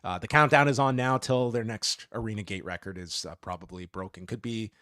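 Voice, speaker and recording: A man's voice: on the low side, fairly even intonation, fairly quick, sharp tone, no room sound, studio quality. A man co-hosting a podcast, chatting casually with a wry, joking manner as he wraps up segments. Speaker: podcast co-host.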